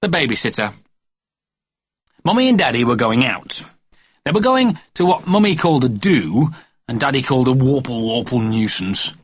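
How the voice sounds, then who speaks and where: A man narrating a children's storybook with expressive cadence. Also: medium pitch, normal speed, pauses often, slightly rough, no room sound. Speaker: audiobook narrator.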